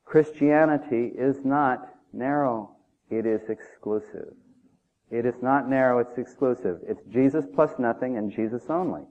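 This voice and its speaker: A man's voice: medium pitch, unhurried. A man preaching a sermon in an emphatic, conversational way, often asking the listeners questions. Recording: tinny phone-like audio.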